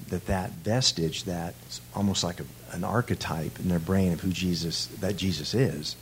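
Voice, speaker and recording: A man in a church discussion, reflecting slowly on faith. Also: low voice, slight background noise.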